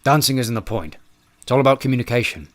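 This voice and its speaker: A towering bodyguard with a steady, matter-of-fact delivery, read by a man narrating an audiobook. He sounds close to an everyday grown man's voice. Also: medium pitch, quick pace, no room sound, close to an everyday voice. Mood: calm, dry.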